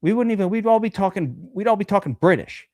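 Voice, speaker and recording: A man talking fantasy sports on a casual podcast, animated and joking, swearing freely. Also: sits high, fast, dry recording, studio quality.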